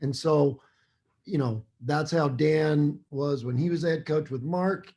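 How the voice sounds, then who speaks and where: Mellow-voiced middle-aged man explaining. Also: a little high, a little slow. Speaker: basketball coach guest. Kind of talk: podcast conversation.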